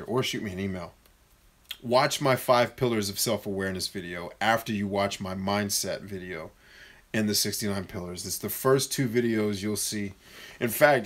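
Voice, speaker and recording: A man coaching viewers in a casual live-stream Q&A, reading their comments aloud and answering bluntly with jokes. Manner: mocks shrill voices in quick bursts.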